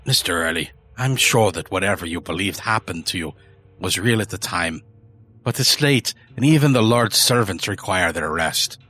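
A man's voice: sits low, bright, forceful tone, breathy edge, full character voice. A man voicing a weary, bitter old priest who speaks in a dry, grumbling, exasperated way.

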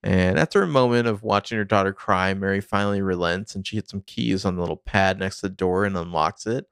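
Man, podcast co-host, low voice, smooth and resonant, dry close sound, casual scene-by-scene recap. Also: fairly quick, a bit bright, no echo. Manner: narrates scenes, briefly acts out characters' lines.

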